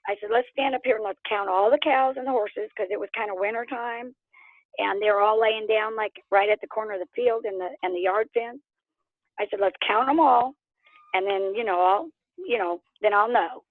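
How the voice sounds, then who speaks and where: A woman from Oklahoma telling her story as an interview guest in casual storytelling, animated and laughing, acting out what others said. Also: mid-range voice, moderate pace, no room sound. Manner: animated, laughs often, acts out quotes. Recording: tinny phone line.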